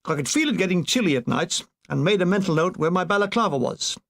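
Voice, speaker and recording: A man reading a comic war memoir aloud, with a deadpan, playful delivery of puns and asides. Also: sits high, quick pace, creaky. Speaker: narrator.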